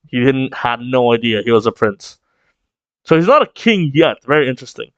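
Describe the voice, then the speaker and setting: A man's voice: medium pitch, expressive, moderate pace, dry recording, muffled recording. Rambling man reacting to a manga chapter. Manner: rambling, heavy use of "like" fillers and swearing. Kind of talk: casual reaction commentary.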